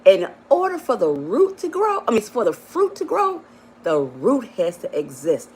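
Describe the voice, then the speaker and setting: A woman's voice: huge pitch swings, moderate pace, slight background noise. Emphatic woman coach calling listeners baby. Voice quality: warm, affectionate, calls listeners baby and honey. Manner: emphatic and repetitive, rising to high exclamations. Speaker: life coach. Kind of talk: live-stream motivational talk.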